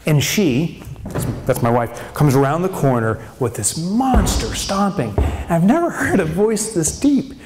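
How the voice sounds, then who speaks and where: A man giving a humorous business keynote on stage, telling a story in an animated way and acting out scenes with shouts. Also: a little high, unhurried, noisy background. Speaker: keynote speaker. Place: on stage in a large venue. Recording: long hall reverb.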